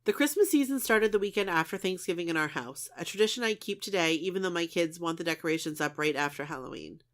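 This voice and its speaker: A woman co-hosting a casual podcast, chatting with her friend and reading listener stories aloud. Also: on the low side. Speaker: podcast co-host.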